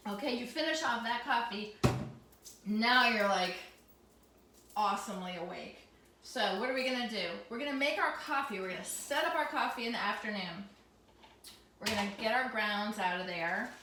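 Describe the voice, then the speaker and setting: Chatty woman with a bright, echoey sound. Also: on the high side, expressive, moderate pace, recorded from a distance, slight background noise. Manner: chatty, teasing, talking loud in a teacher voice. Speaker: teacher and vlogger. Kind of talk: casual home vlog. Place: home kitchen. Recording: echoey room, voice somewhat off mic.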